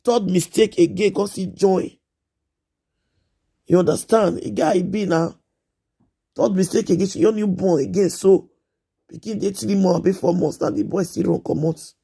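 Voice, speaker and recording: Husky Nigerian woman, gravelly and pleading. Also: medium pitch, fairly even intonation, moderate pace, pauses often, mellow. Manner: repetitive, pleading, earnest. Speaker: live streamer giving advice. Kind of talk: casual live stream advice talk.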